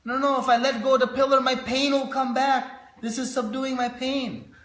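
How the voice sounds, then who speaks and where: A man's voice: very high voice, level tone, moderate pace, a bit bright, voice pushed up. A man acting out a starving, desperate poor man who pleads and insists, in a roomy space. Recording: roomy echo.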